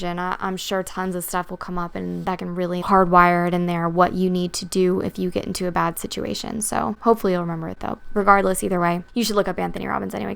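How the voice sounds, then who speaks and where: Young woman, podcast host, blunt and candid with a smooth yet gravelly voice. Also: medium pitch, a bit bright. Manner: candid, swears freely, storytelling. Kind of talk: casual advice talk.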